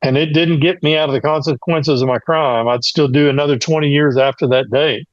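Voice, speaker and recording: A man's voice: a little high, fairly even intonation, a little fast, no room sound. Earnest man telling his story, dull audio. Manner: earnest storytelling, many fillers. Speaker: guest. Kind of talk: personal testimony.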